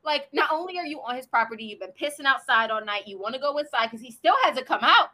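A woman on a casual podcast, telling a story with animated, profane energy. Her voice sits high and bright, and her pitch leaps around freely as she talks. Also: fast talker. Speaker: podcast co-host.

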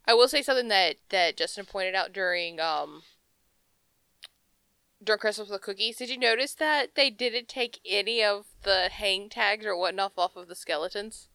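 Bright-voiced chatty woman. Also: medium pitch, moderate pace, gravelly, clear, resonant tone, dry recording. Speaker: podcast co-host. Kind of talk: casual chat.

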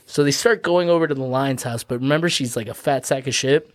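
A man's voice: mid-range voice, fast talker, no room sound, clean studio sound. A young man casually retelling a folk tale as a podcast co-host, profane and rambling. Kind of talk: crude comic storytelling.

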